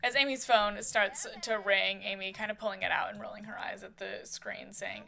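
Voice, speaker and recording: A woman's voice: mid-range voice, steady tone, normal speed, vocal fry, hardly any pauses, pushed and bright. A woman casually narrating a life-sim soap opera as she plays, describing each action with many fillers.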